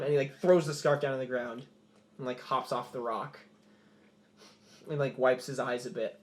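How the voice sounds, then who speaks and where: A man's voice: medium pitch, steady tone, normal speed, long pauses. A man narrating as game master in a loose, rambling way with many fillers.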